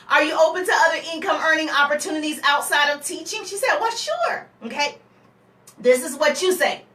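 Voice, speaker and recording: A woman seminar coach with a high, bright, ringing voice teaches networking scripts to a live audience. She talks with energy, acting out both sides of a conversation and throwing in teasing asides. The sound is roomy and echoey, caught from some distance off the mic. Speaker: business coach.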